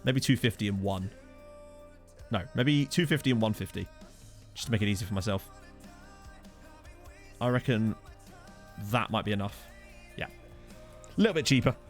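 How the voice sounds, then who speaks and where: In a lowish voice at normal speed with long pauses, a man streams a football management game against soft background music. He chats casually, jokes, and answers his viewers' chat through a desk USB condenser mic.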